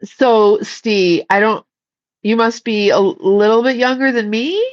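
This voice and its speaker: A woman's voice: fairly high pitch, measured pace, dull audio. A woman hosting a casual livestream, chatting and giggling as she reads viewer comments. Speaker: psychic livestream host.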